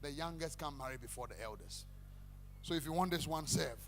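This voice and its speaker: A man's voice: fairly high pitch, brisk, pitched below the performer's own voice, close to an everyday voice. A preacher voicing a sly scheming father-in-law. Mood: coaxing.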